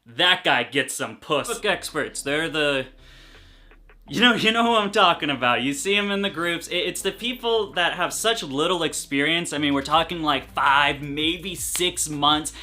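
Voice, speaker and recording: A young man ranting in a comedic vlog, profane, exasperated and sarcastic, swinging between loud outbursts and tired mutters. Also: a little high, expressive, moderate pace. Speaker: reptile YouTuber.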